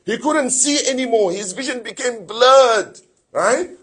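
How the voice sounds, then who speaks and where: Man, sheikh, sermon, fervent, rhetorical questions, Arabic recitation, husky voice, high pitch. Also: a little slow, a bit bright. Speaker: sheikh giving a Muharram lecture.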